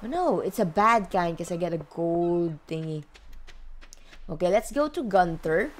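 A woman's voice: on the low side, expressive, a little slow, slight background noise. A woman hosting a let's play, chatting to her viewers in a chatty, exclaiming way with frequent gasps. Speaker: gaming channel host.

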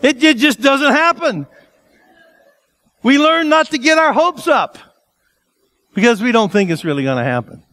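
A male pastor preaching a sermon in an animated, conversational way, asking the congregation rhetorical questions. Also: extremely high pitch, moderate pace, long pauses, no echo.

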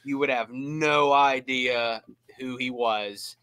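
A man with a bright, forceful voice tells stories on a podcast, slipping into impressions and laughing along the way. The sound is dry and close, with no room in it. He talks casually, as a regular co-host would. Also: medium pitch, slow, clear, resonant tone, dry recording. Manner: animated storyteller who slips into impressions and laughs. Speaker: podcast co-host, former team staffer. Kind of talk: casual storytelling chat.

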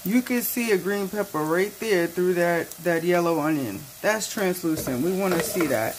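A woman's voice: on the low side, expressive, moderate pace, a little hiss or hum, rough recording. A woman hosting her own cooking channel, with a playful, sassy manner, talking straight to viewers as she cooks in her home kitchen. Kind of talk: casual cooking demo.

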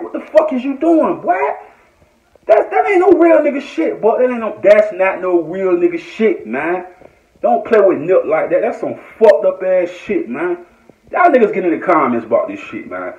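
A man's voice: sits high, darkish tone. A man from Norfolk, Virginia, delivering a heated, repetitive, profane rant on a live stream. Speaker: online commentator. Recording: echoey, dull lo-fi phone audio.

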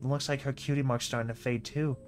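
Casual reader freaking out over a comic slideshow, mid pitch, soft music under it. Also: fast. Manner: excited, exclaiming reactions. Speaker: narrator reacting to a comic.

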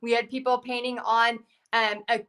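A woman's voice: on the high side, little pitch movement, normal speed, fairly bright tone, clean tone. A woman, hosting a live painting stream in a chatty way, reading viewer comments and losing her voice. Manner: chatty, reads out viewer comments, many fillers. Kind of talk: casual live-stream chat.

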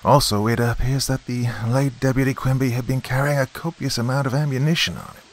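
A man voicing a short, chubby, bald priest who speaks gently and hesitantly. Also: mid-range voice, brisk, voice pushed up, close to an everyday voice. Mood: gentle.

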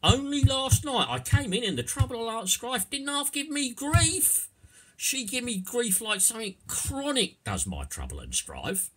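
A man's voice: very high voice, huge pitch swings, unhurried, bright, forceful tone, slightly rough, voice pushed up, heavily acted. A man putting on a Cockney accent to voice a cheeky, bantering working-class London man. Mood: jovial. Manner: jovial, bantering.

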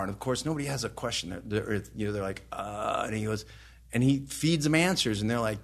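A man's voice: lowish voice, quick pace. A man in his fifties, a trainer guest on a podcast, telling long rambling anecdotes with swearing and laughter. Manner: rambling anecdotes, profane, laughs while talking. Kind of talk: casual podcast storytelling.

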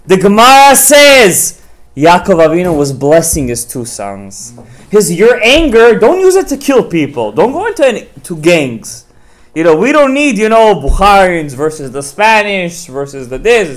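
A rabbi teaching a class for parents in a high, lively voice that climbs and dips all over. He keeps throwing questions at his listeners and mixing Hebrew terms into his English. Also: unhurried. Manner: animated, fires rhetorical questions at listeners; mixes Hebrew terms into talk.

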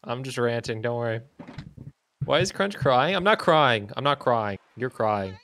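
A young man streaming a game, chatting casually in an excitable, rambling way and slipping into silly voices. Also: medium pitch, measured pace. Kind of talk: casual gaming stream chat.

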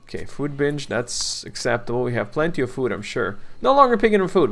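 A man casually commenting on his game, coaxing his colonists, grumbling and swearing at setbacks, and clearing his throat now and then. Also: mid-range voice, big pitch swings, normal speed, hardly any pauses, fairly bright tone. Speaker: let's play gamer.

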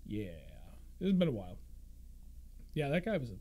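A man in his thirties hosting a fishing podcast, telling stories in a casual, animated way and laughing often. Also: medium pitch, fairly quick. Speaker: podcast host. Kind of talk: casual chat.

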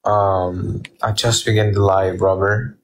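A man's voice: lowish voice, little pitch movement, slow, slight background noise. A drowsy man casually chatting with viewers on a livestream from home, rambling and greeting people. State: sleepy, drowsy. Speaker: livestream host. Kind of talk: casual live-stream chat.

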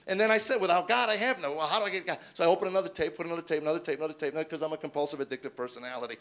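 A man's voice: a little high, rapid-fire. A man in his forties doing stand-up, telling a self-deprecating personal story and acting out the dialogue with his wife in shifting voices. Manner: self-deprecating, acts out dialogue in shifting voices, rises to excited near-shouts. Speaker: stand-up comedian. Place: stage before a live audience.

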